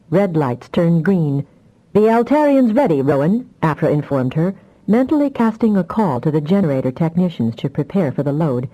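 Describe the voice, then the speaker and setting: A woman narrating a fantasy audiobook with expressive storytelling. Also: sits low, poor audio.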